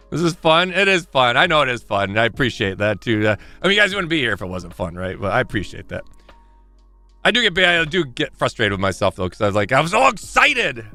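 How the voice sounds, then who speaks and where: Guy streaming live, rambly and self-deprecating, pitch jumps all over, bright voice, faint music behind. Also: creaky. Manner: rambling, self-deprecating, excitable, frequent restarts. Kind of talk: casual live-stream chat.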